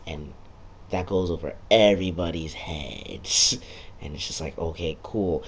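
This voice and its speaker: A man's voice: deep voice, unhurried, slightly rough. A man giving a casual, sarcastic recap of a video game, swearing freely and slipping into quoted lines. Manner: sarcastic, profane, jumps into quoted voices.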